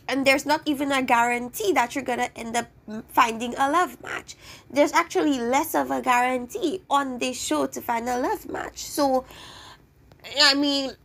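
A young woman talks straight to her viewers in a casual, opinionated rant, easily exasperated. Her voice sits a little higher than most women's. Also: gravelly. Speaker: reality TV reviewer.

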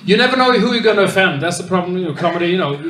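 Swedish stand-up comic, high-pitched, dry and ironic, recorded far off in an echoey club. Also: male voice, racing. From Sweden. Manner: deadpan, dry ironic delivery. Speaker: stand-up comedian. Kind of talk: stand-up comedy set. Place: comedy club stage. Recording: roomy club from a distance, loud noise. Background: audience laughter.

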